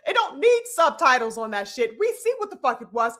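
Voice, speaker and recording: A woman's voice: sits high, big pitch swings, normal speed, fairly bright tone. A woman hosting a live-stream boxing commentary, ranting emphatically with profanity and piling up rhetorical questions, addressing her audience like a preacher.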